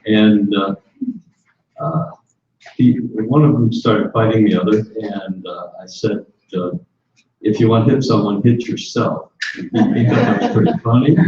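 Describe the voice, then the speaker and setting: An older man in the audience, telling a story hesitantly with many pauses and fillers. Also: fairly low pitch, warm tone, slight background noise. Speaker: audience member asking question. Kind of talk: telling an anecdote. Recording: echoey hall, distant, dull lo-fi.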